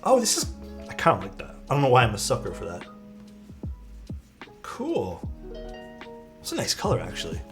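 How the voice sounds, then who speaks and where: A man casually chatting as a live streamer while building a keyboard, rambling and relaxed, often saying "dude". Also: mid-range voice, normal speed, creaky, long pauses, music in the background. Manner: laid-back, rambling, peppered with "dude" and "like".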